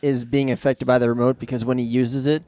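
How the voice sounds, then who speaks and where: Man, casual co-host, mid pitch, a bit away from the mic, dry sound. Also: little pitch movement, fast, dark tone, dry recording. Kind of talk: casual chat.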